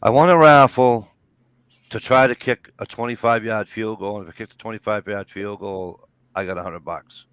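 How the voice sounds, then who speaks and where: A man's voice: fairly low pitch, fairly even intonation, normal speed, fairly bright tone, clean tone, dry recording. A man, telling rambling, swear-filled stories in casual chat. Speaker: storyteller.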